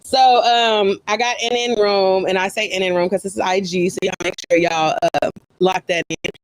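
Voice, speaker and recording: A man's voice: high voice, flat delivery, normal speed, clean tone, low-quality recording. A man hosting a radio show, brash and joking, laughing often in raunchy casual banter. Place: radio studio.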